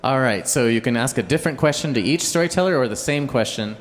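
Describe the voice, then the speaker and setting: A man's voice: medium pitch, lively intonation, fast talker. A man emceeing a live storytelling show into a corded handheld mic, explaining things casually. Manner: casual, instructive. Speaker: event emcee. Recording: loud music behind a live mic.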